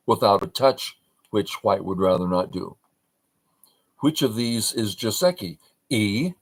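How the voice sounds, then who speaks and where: A man's voice: fairly low pitch, low-quality recording. An older man teaching a game review on a livestream, talking in short broken phrases and asking and answering his own questions.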